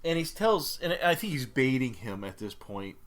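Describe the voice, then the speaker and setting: A man's voice: medium pitch, sing-song, normal speed. A man co-hosting a film podcast, recapping scenes casually with many fillers and self-corrections. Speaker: podcast co-host. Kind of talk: casual chat.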